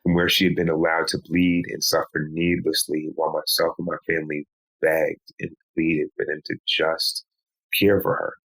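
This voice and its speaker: A man, a podcast guest, recounting a painful personal story in a slow, measured way. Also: rumbling low, little pitch movement, fairly bright tone, poor audio. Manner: slow, measured telling with pleading quoted lines.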